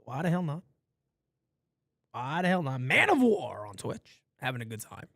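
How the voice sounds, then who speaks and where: A man calling a baseball game live for fans from his home studio, shouting on big plays and muttering low asides between pitches. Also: sing-song, normal speed, creaky, no echo. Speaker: play-by-play streamer. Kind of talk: live fan play-by-play commentary.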